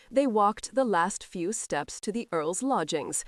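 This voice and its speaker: A woman narrating a historical romance audiobook in an expressive reading style. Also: mid-range voice, a little slow, few pauses, dry recording, clean studio sound. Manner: lively, character-voicing reading.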